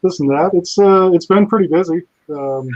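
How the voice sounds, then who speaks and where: A man's voice: sits high, normal speed. A man appearing as a company chief on a livestream, explaining plainly and matter-of-factly. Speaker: company CEO guest. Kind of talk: casual Q&A on a livestream. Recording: dull remote call audio.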